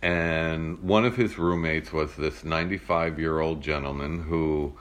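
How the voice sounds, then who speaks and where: Guy with a super deep radio-type voice, chatty podcast storyteller. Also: steady tone, measured pace, fairly bright tone. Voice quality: rich broadcast-style voice. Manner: earnest, storytelling. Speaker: podcast co-host. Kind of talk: casual chat.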